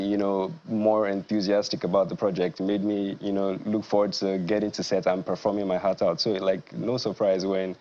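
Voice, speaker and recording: A young man answers interview questions in a very low, flat voice. He speaks in a measured, earnest way, pausing on fillers. The sound is slightly dull. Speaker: actor, guest. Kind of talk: studio interview.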